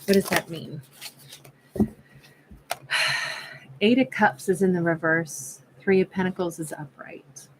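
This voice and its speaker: A woman's voice: medium pitch, a little hiss or hum, rough recording. A woman giving a casual tarot reading, chatty and musing, often stopping and restarting, and acting out imagined conversations. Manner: frequent self-interruptions and restarts. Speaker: tarot card reader.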